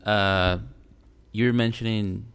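A man, talking casually as a podcast co-host. His voice sits very low and has a gravelly texture. He rambles loosely and mocks himself along the way. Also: fairly even intonation, takes it slowly, fairly bright tone. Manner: rambling, loose and self-mocking, with playful put-on quotes. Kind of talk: casual chat.

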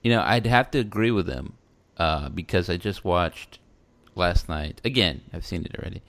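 Podcast co-host, man, deep and gravelly, rambling and casual. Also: normal speed, a bit bright. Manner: rambling, loose and self-mocking, with playful put-on quotes. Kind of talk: casual chat.

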